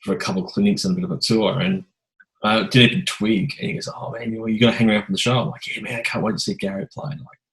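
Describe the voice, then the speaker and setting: A man hosting a podcast, telling a rambling, animated anecdote in casual chat. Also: lowish voice, fast talker, poor audio. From Australia. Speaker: podcast host.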